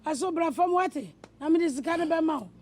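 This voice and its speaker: A woman with a Ghanaian accent playing a mother who calmly urges patience in a comedy skit. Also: extremely high pitch, brisk. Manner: soothing, urging patience. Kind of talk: comedy skit dialogue, mostly in Twi.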